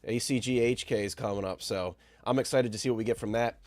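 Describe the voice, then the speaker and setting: A man hosting a live stream while sick, sounding nasal and stuffed up, upbeat and shouting out chat viewers. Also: medium pitch, steady tone, fast talker, no room sound. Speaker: host.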